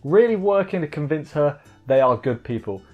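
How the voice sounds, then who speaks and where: A man recapping an anime episode in casual chat, joking and rambling with quick asides. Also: fairly high pitch, lively intonation, lo-fi sound, faint music behind. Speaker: anime reviewer.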